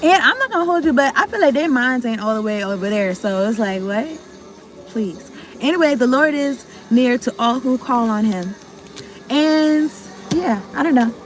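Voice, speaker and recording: A woman's voice: high voice, expressive, moderate pace, faint music behind. A woman giving a casual tarot reading to her viewers, rambling, cutting herself off mid-thought and talking in slang with some swearing. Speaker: tarot card reader.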